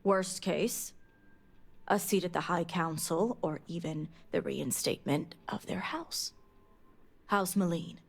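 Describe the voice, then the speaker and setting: A secretive noble elder in a game. Her voice sits low and stays measured and formal, with a breathy edge. She sounds like someone guarding classified matters. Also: heavily acted. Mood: stern. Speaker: game character.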